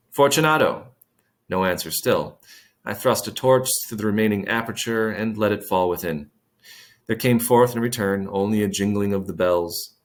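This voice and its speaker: A man reading a classic short story aloud, stopping to explain old words in plain terms and adding dry asides. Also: lowish voice. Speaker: reader.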